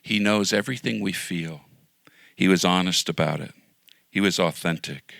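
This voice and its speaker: Earnest low gravelly-voiced male pastor. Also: normal speed, a bit bright, no room sound. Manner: earnest, pleading, drops to near-whisper at times. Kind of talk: sermon.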